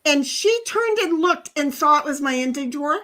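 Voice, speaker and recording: A woman's voice: high voice, expressive, normal speed, bright, forceful tone. A woman hosting a casual livestream, chatting in a rambling way, laughing often and reading out the live chat. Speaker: livestream host.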